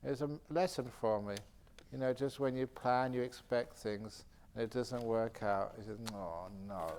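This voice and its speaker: Male Buddhist teacher, retreat Q&A, chatty anecdotal delivery, average pitch. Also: normal speed, slight background noise. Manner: animated anecdotal storytelling with frequent laughter. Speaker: Buddhist monk and meditation teacher. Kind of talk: retreat question-and-answer talk. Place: meditation retreat centre hall.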